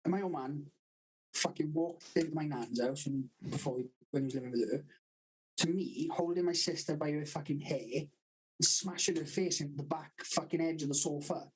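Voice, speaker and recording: A man's voice: on the high side, moderate pace, noisy background. A young Welsh man with a Valleys accent, swearing constantly and laughing through his stories in casual podcast chat. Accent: South Wales Valleys. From Wales. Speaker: podcast co-host.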